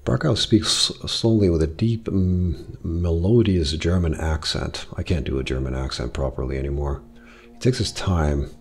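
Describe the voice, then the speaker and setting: A man's voice: sits low, moderate pace, darkish tone, slightly rough. A man playing a game, reading its narration aloud and adding wry, casual asides. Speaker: game streamer.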